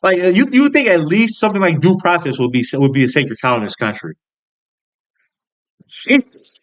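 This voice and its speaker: In a high-pitched voice with lively intonation and normal speed, a young adult vlogger from the United States delivers a political rant. He is angry and profane, rambling with frustration and restarting over and over.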